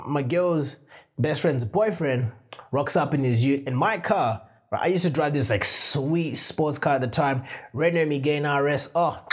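Aussie guy on his podcast, telling stories all slangy and animated, kinda husky voice. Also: fairly high pitch. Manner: animated, slangy, acts out his own quotes with sound effects. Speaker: podcast host. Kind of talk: casual storytelling monologue.

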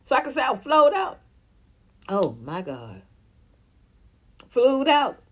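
A woman, ranting casually to her livestream viewers, profane and animated, often laughing. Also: sits high, slow pace, a little hiss or hum. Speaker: vlogger reacting to viewer comments.

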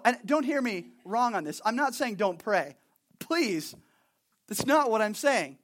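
A young man with a notably high voice delivers a sermon, talking to the congregation as if chatting with friends. He is animated and casual, slipping into acted-out asides and then dropping back to plain talk. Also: a little slow. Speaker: pastor.

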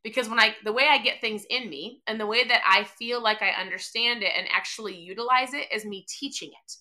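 A middle-aged woman hosting a podcast, giving an energetic motivational talk and acting out bits of dialogue. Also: on the high side, fairly quick. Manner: energetic, emphatic, acts out quoted dialogue. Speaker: podcast host.

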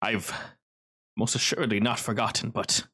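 A man's voice: lowish voice, fairly even intonation, normal speed, pushed and bright, breathy edge. A man voicing a grieving middle-aged father in a tabletop game, speaking in formal, old-fashioned phrasing. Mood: shaken.

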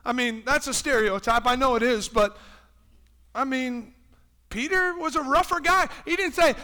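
A male pastor preaching a sermon with passion, shifting between loud, shouted lines and hushed, quiet ones, and acting out quoted voices as he goes. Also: extremely high pitch, lively intonation, a little slow. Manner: impassioned, swings from loud preaching to hushed tones. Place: church.

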